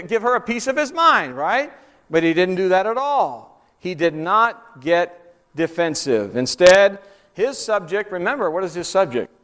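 A man delivers a sermon in an animated, conversational way, with a fairly high voice. His words ring out with a long reverb, as if he is speaking in a large hall. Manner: animated, acts out quotes with rising pitch. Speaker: preacher. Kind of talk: sermon on soul-winning.

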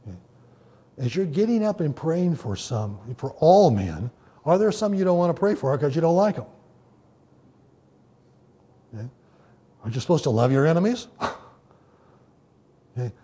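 A man preaching a sermon in a conversational teaching manner, often pausing with "okay" and "you know". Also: mid-range voice, warm tone. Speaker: pastor.

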